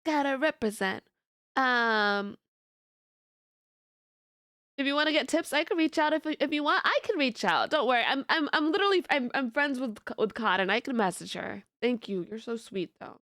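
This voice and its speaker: Giggly woman streamer with a deep voice. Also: a bit bright, no room sound, studio quality. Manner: giggly, rambling with repeated restarts. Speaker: VTuber streamer. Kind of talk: casual livestream chat.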